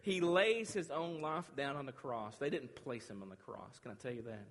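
A man preaching a sermon, dramatic, swinging from loud declaring to hushed, quiet lines. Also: mid-range voice, normal speed. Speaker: pastor. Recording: long hall reverb.

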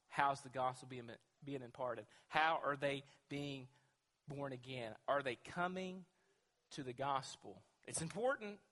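This man's voice is slightly high, with a pushed, bright quality. Preaching as pastor, he speaks emphatically and poses rhetorical questions to his congregation, his words ringing through a church sanctuary's long reverb.

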